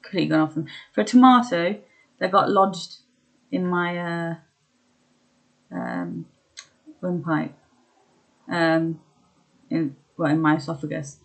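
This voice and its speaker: A young woman talking candidly about her own experiences, hesitant with many pauses and ums, laughing at herself at times. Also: on the low side, vocal fry, low-quality recording. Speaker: vlogger sharing her illness experience. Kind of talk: candid personal chat.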